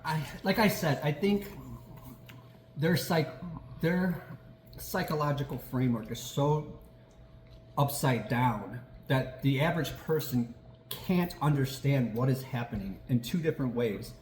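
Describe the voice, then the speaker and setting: A man hosting a casual political chat, animated and quick to laugh, swearing and acting out quotes as he talks. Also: medium pitch, reverberant, a little hiss or hum. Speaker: podcast host.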